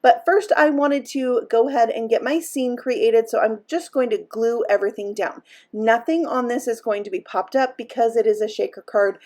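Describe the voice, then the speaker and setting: A woman's voice: on the high side, a little mellow. A woman hosting a card-making tutorial, talking chattily and upbeat as she explains each step while she works. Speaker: card-making channel host. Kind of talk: crafting tutorial voice-over.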